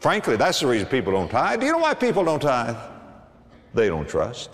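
A man preaching a sermon to a congregation, animated, with big swings and emphatic bursts. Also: medium pitch, fairly quick, long reverb tail. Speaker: pastor.

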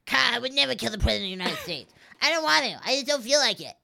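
Woman doing a gravelly, squeaky cartoon-style brat. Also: animated, sharp tone, heavily acted. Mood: defensive. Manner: rapid, defensive protests broken by laughter. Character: crude bratty cartoon-style man, defensive and foul-mouthed.

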